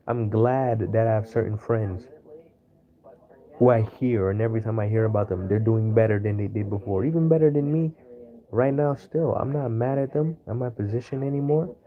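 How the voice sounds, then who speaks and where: A man's voice: mid-range voice, a little fast, narrow, tinny audio. A man hosting an astrology video, rambling in an unscripted monologue and searching for words with many fillers.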